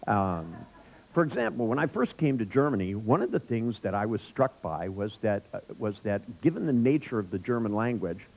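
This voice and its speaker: A man's voice: lowish voice, animated, normal speed, a little mellow, poor audio. A man giving a live workshop lecture to an audience, telling wry, joking anecdotes. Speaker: workshop trainer.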